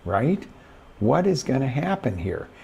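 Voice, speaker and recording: Male life coach, live stream host: gravelly, husky voice, emphatic and direct. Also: mid-range voice, a little slow, dull audio. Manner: animated, emphatic, talks straight to viewers. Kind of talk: motivational live-stream talk.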